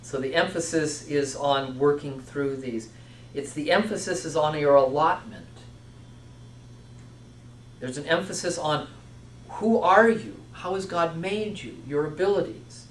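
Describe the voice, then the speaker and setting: A man's voice: on the high side, measured pace, a little hiss or hum. A man giving a sermon-style lecture on vocation, stressing points through repeated lists and restarting his phrases. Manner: repetitive, emphatic listing with self-restarts. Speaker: teacher speaking on Christian vocation. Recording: echoey room, voice from far off.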